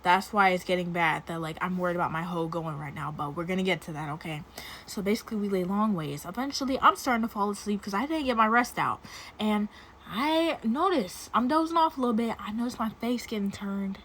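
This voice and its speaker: A woman's voice: medium pitch, brisk, a bit bright, a little hiss or hum. Chatty young woman telling a storytime. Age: young adult. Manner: chatty, full of "like", dramatic asides. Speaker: storytime vlogger. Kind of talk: casual storytelling. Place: dorm room.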